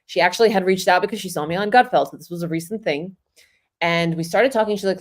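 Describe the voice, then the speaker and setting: A woman with a lowish voice speaks at a quick pace; her first language is Russian and she's from the New York area. As a guest impressionist on a livestream chat, she tells stories animatedly and acts out what people said.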